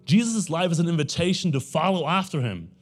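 A young adult male pastor gives a relaxed sermon, addressing the congregation like friends and repeatedly asking the room "right?" His voice is fairly high and husky, with faint music behind, and he breaks into animated quick impressions of the story's characters.

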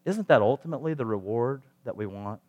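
A man's voice: medium pitch, lively intonation, a little fast, highs cut off. Conversational male preacher. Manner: conversational, rhetorical questions, acts out voices in quotes. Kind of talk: sermon.

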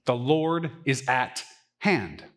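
A man preaches a sermon in a church, his voice climbing to emphatic peaks and then dropping back to quiet, conversational asides. His pitch moves widely and freely as he speaks, at a middle height for a man. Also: big pitch swings, extremely slow. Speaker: pastor. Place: church sanctuary.

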